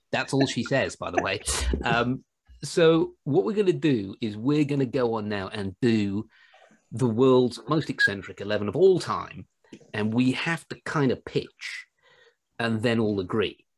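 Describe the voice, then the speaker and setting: British man with a husky, lively voice. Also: mid-range voice, unhurried. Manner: animated, jokey anecdote telling. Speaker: podcast host. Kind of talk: casual storytelling chat.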